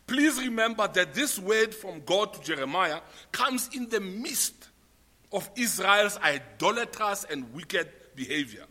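A man's voice: sits high, very animated, measured pace, sharp tone, long reverb tail. A man with a South African accent preaching a sermon, spelling out his points and repeating them for note-takers. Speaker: pastor.

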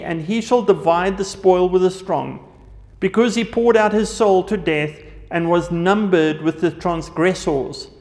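Male preacher, high-pitched, scripture reading and sermon, recorded in a big echoing hall. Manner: reads scripture aloud, then explains it with verse references.

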